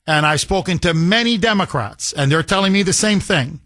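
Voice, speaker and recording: Man, radio host, political monologue, emphatic, slightly high voice. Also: animated, fairly quick, hardly any pauses, a bit bright, dry recording. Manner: emphatic, confessional, repeats phrases for effect. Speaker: radio talk show host.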